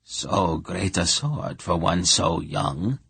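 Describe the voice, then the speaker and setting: A reclusive swamp witch, calm and faintly bitter, speaking slowly in a deep, husky voice, as a male audiobook reader puts her on. Her tone stays flat and neutral, with a gravelly edge. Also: dry recording, full character voice. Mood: calm, wry. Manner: measured, strangely neutral, slow.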